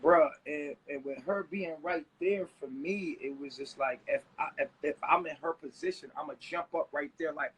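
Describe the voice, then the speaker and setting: A man ranting on a live stream, agitated and profane, now and then breaking into shouts. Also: a little high, moderate pace, hardly any pauses, breathy edge, low-quality recording. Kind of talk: heated live stream rant.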